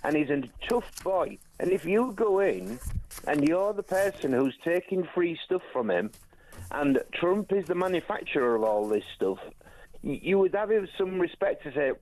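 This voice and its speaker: Man, radio caller, from east yorkshire, blunt, opinionated, hesitant fillers, slightly high voice. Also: lively intonation, normal speed, darkish tone, rough recording. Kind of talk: phone-in call.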